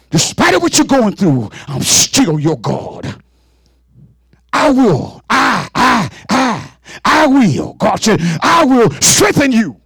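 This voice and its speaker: Casting: gravelly-voiced male preacher, high and lively pitch, fervent call-and-response sermon. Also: no room sound.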